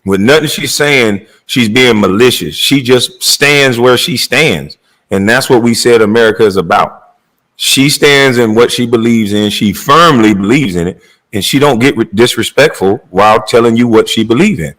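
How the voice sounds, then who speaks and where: A man's voice: medium pitch, moderate pace, fairly bright tone, low-quality recording. A middle-aged man delivering a heated, blunt and profane monologue rant as a commentator.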